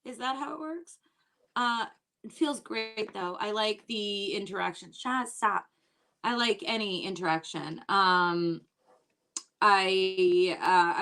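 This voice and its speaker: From home, in an online show, a woman comic with a medium-pitched, fairly bright voice tells stories in a chatty, exasperated way. She brings in quoted lines, voicing the other people.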